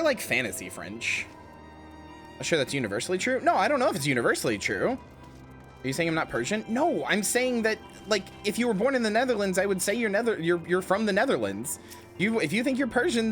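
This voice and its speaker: A woman streamer chatting casually with her viewers in an animated, exasperated way. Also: medium pitch. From United States. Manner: animated, exasperated, with restarts and laughs.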